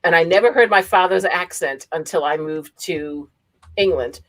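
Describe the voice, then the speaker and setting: A woman's voice: on the low side, moderate pace, a bit bright, rough recording. A woman from Massachusetts with a Boston accent, hosting a casual livestream chat, laughing often and reading viewer comments aloud. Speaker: livestream host.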